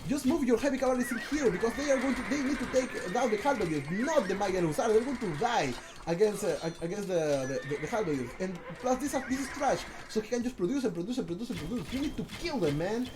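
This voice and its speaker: Lively, excitable male game streamer. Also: high voice, fast, few pauses, background noise. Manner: excitable, talks to chat, many restarts and repeats. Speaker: streamer casting a strategy game. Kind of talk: live stream game commentary.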